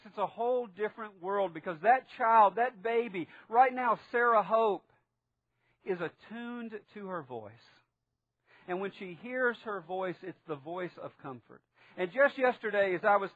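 A man in his thirties preaching a sermon as pastor, earnest, dropping to a hush in prayer and acting out the voices he quotes. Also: high voice, no room sound. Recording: dull lo-fi sound.

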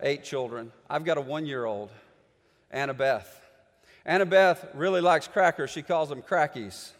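A middle-aged man preaching a sermon, reading scripture dramatically and swinging between booming passages and hushed ones. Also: normal speed. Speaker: pastor. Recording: long hall reverb.

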